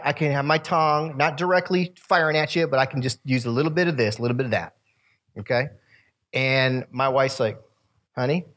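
A man in his fifties, his voice a little high with a fairly bright tone, gives young listeners a sermon-style talk. He tells stories, laughs at his own asides and turns to the room with remarks.

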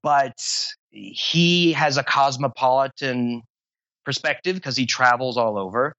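A man's voice: medium pitch, a little slow, bright, forceful tone, dry recording, muffled recording. A man being interviewed about voice acting, talking at length in a rambling, self-deprecating way. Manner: rambling, long-winded, self-deprecating humor. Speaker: voice actor interview guest. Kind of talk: casual interview talk.

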